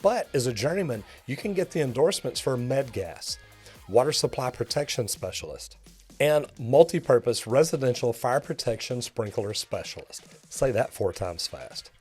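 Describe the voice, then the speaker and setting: A man's voice: medium pitch, lively intonation, normal speed, a little mellow, husky, soft background music. A middle-aged man, a master plumber teaching the trade to viewers in an upbeat, direct coaching tone. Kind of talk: instructional video talk to viewers.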